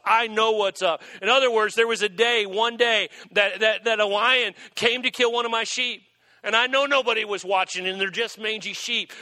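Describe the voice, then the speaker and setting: High, bright-voiced male preacher. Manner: animated, joking preaching with many restarts. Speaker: pastor. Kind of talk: sermon.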